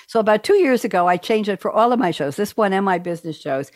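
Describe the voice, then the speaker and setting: A middle-aged woman hosting a talk show, chatty and playful, with lively asides. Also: on the low side, fast talker, few pauses, no room sound, studio quality. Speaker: host.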